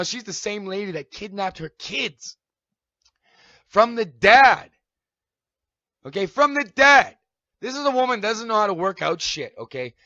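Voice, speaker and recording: A man rants on a live stream in a high voice, cursing and firing off accusations. His tone is sharp and strained. The dry sound comes through a dull, lo-fi mic. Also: no room sound. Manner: heated, accusatory, repeats "okay?". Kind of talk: angry profane rant.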